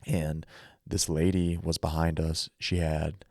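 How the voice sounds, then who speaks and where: A man's voice: very deep voice, level tone, takes it slowly, vocal fry, a little mellow, no echo, studio quality. A man hosting his own podcast, telling stories and giving earnest, emphatic advice in a conversational way. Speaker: podcast host. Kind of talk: solo podcast monologue.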